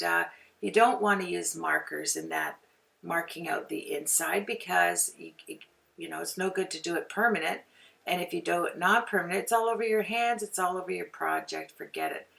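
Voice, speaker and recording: A woman's voice: fairly low pitch, gravelly, bright, forceful tone, far from the mic. A woman from Canada hosting a card-making tutorial, chatting as she works and often wandering off on tangents. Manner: chatty, rambling, goes off on tangents. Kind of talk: casual craft demonstration. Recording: voice from away from the mic.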